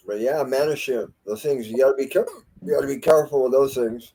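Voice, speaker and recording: A man in a casual fishing chat, relaxed, laughing easily and swearing now and then. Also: mid-range voice, brisk, breathy edge.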